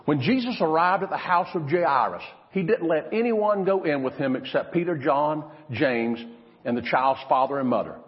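A man preaching a sermon, swinging between loud, emphatic lines and hushed, drawn-out ones. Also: on the high side. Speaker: pastor. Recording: lo-fi recording in a reverberant hall.

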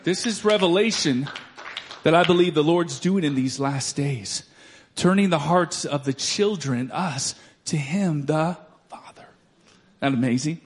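A man preaching a sermon, swinging from loud declarations to soft storytelling. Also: on the high side, a little slow. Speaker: pastor.

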